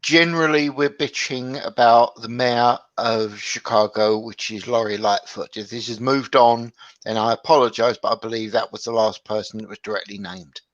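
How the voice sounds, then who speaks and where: A man joins a podcast chat, calmly explaining and dropping deadpan jokes. His mic sounds dull and lo-fi, with no room echo at all, and his voice sits in a middle range. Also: mid-range voice, moderate pace. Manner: matter-of-fact, dry joking. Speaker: podcast co-host. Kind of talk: casual chat.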